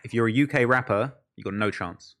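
A man's voice: mid-range voice, a little fast, a bit bright. A young British man from the UK, a YouTube creator chatting casually as a podcast guest, slangy and full of fillers. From United Kingdom. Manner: slangy, lots of fillers like "like" and "bro".

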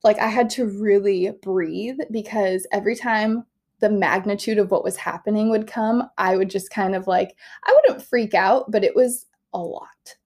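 A young woman talks straight to her viewers in a chatty vlog, telling a personal story with lots of animation. Her pitch sits in an ordinary middle range, and she fills her sentences with "like" and excited little exclamations. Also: normal speed. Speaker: vlogger sharing a birth story.

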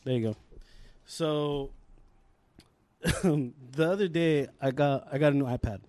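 A man's voice: fairly high pitch, takes it slowly, darkish tone. Laughing young man telling a story. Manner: laughing storyteller, swears freely. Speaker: podcast co-host. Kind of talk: casual chat.

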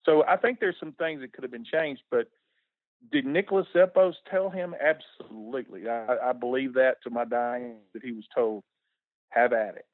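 A man's voice: medium pitch, moderate pace, dry recording. Ex-coach guy on the phone, folksy, stumbles and repeats himself, thin phone sound. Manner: folksy, repeats words when emotional. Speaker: former coach. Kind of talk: casual radio interview. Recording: tinny phone line on radio.

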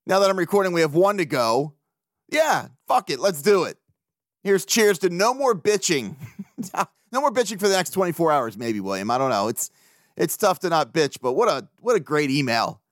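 Profane, excitable male podcast host. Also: a little high, normal speed, dry recording, clean studio sound. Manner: profane, animated, laughs often. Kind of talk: casual solo podcast talk.

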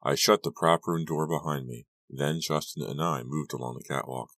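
A man with an extremely deep voice reads a first-person teen horror story. His delivery is steady and measured. The mic is close and the room is dead dry. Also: dry recording. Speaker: audiobook reader. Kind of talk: scripted first-person narration.

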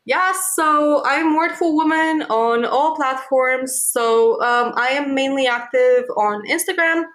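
Female podcast guest, halting and casual, slightly raised pitch. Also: fairly bright tone. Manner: hesitant, with fillers and restarts. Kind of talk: casual chat.

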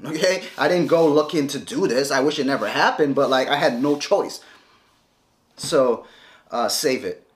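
A man's voice: mid-range voice, normal speed. A man talking straight to a camera, heated and scolding, repeating himself as he confronts his ex-wife. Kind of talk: confrontational casual talk to camera.

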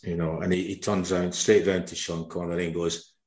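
Deep male voice, middle-aged, rambling casual storyteller, roomy echo. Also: steady tone, fairly quick. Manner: rambling, laughs while telling. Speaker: podcast host.

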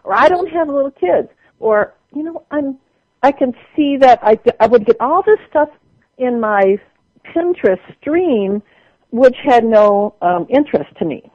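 A woman's voice: on the high side, animated, measured pace, no room sound, highs cut off. A woman with a Wisconsin accent, a social media tutor talking casually as a radio guest, folksy and chatty. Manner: chatty, folksy, laughs often.

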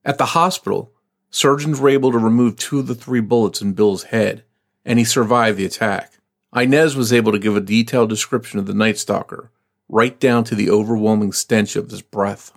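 A man co-hosting a true crime podcast, narrating a case and chatting, pausing and searching for words. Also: fairly low pitch, steady tone, gravelly. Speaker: podcast co-host.

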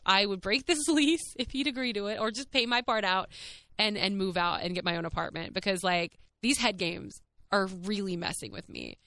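Young woman hosting a podcast, candid and chatty with lots of fillers; crisp, bright voice, dry close sound. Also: medium pitch, dry recording. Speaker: podcast host. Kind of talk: casual monologue.

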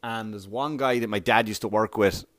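A man's voice: fairly low pitch, moderate pace, a bit bright, no room sound, clean studio sound. A man with an Irish accent telling rambling, profane anecdotes in casual chat, often laughing as he goes. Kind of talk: casual storytelling.

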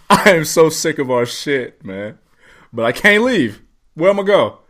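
A man co-hosting a podcast in casual chat, ranting in a profane, excitable way. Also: on the high side, takes it slowly. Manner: profane, excitable, riffing rants. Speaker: podcast co-host.

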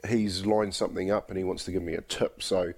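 A New man on breakfast radio with a lowish voice. He rambles loosely and keeps repeating himself as he chats with his co-hosts. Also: little pitch movement, fairly quick, vocal fry, a little mellow. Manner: rambling, laid-back, says mate a lot. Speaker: radio host. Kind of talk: casual breakfast radio banter.

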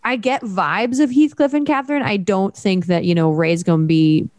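A woman's voice: mid-range voice, normal speed, darkish tone, no echo. A young adult woman co-hosting a podcast in casual chat, enthusiastic and gushing, with frequent fillers. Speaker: podcast co-host.

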